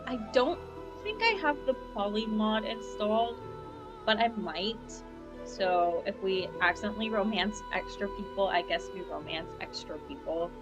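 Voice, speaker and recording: A woman's voice: medium pitch, expressive, moderate pace, muffled recording, over music. Chatty young woman streaming a game. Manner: chatty, rambling, upbeat, with fillers. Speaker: gaming streamer. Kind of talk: casual live-stream chat. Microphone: lavalier mic.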